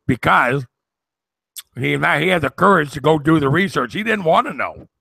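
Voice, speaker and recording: A man with a gravelly, forceful voice tells a story with earnest conviction, now and then sliding into a sermon-like push. The sound is dry and close. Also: a little high, animated, normal speed, no echo. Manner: earnest storytelling, builds to preaching. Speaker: co-host. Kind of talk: casual chat, preachy at times.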